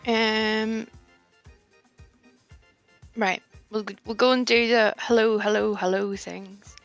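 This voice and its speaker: A woman's voice: on the high side, fairly even intonation, slow, dry recording, muffled recording, faint music behind. A woman hosting a casual livestream, greeting viewers one by one and laughing often. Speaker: livestream host.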